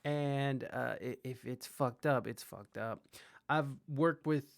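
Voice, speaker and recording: A livestream host with a medium-pitched, creaky voice talks slowly in a casual, rambling way. He reacts to clips and swears plenty.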